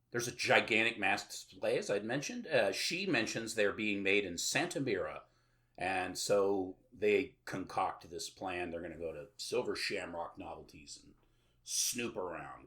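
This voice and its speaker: A man's voice: fairly low pitch, lively intonation, measured pace, bright, forceful tone. A man hosting a podcast, recapping a film plot in casual, sarcastic chat full of filler sounds. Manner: rambling, with many filler sounds and sarcastic asides. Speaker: podcast host.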